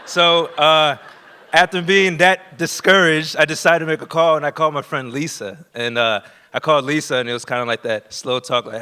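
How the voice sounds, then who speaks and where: A man from Florida telling a true personal story on a theater stage, nervous and halting with many fillers. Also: medium pitch, bright, forceful tone, clear, resonant tone. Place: theater stage before a live audience.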